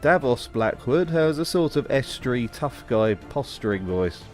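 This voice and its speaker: A man's voice: medium pitch, lively intonation, measured pace, faint music behind. A man giving scripted commentary in a dry, mocking tone. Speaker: video essay host.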